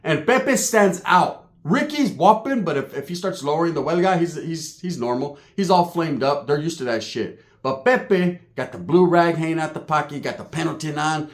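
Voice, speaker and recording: A man from Northern California telling a profane, comedic street story in a slangy, animated way, with acted-out sound effects. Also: fairly high pitch, normal speed, hardly any pauses.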